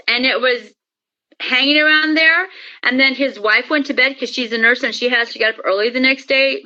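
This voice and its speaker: A woman interview guest telling her story in a lively way and acting out the dialogue. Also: sits high, muffled recording. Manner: lively, acts out quoted dialogue. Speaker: interview guest, paranormal experiencer. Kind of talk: animated storytelling.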